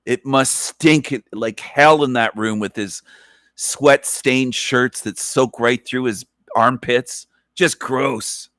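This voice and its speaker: A man's voice: medium pitch, fairly even intonation, slow, fairly bright tone, dry recording, clean studio sound. A man hosting a ranting commentary, scornful and insulting, repeating his phrases over and over. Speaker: channel host reacting to a clip.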